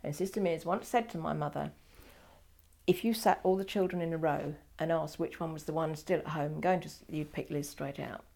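A woman's voice: low-pitched, steady tone, a little fast, creaky, dark tone. An older woman telling her life story in an oral history interview, wry and digressive, often correcting herself mid-sentence.

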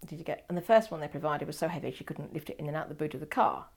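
Older woman, low gravelly voice. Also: expressive, racing, darkish tone. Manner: wry, digressive storytelling with self-corrections. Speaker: interviewee. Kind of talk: oral history interview.

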